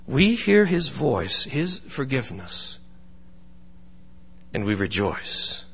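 A man pastor giving a sermon, speaking slowly and deliberately with pauses, in a church. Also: mid-range voice, very animated, slightly rough, long reverb tail. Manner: slow, deliberate, with pauses and dramatic storytelling.

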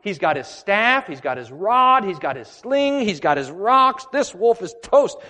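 A pastor preaching a sermon, telling a story with big swings from loud to hushed. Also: male voice, high voice, sing-song, unhurried, long reverb tail.

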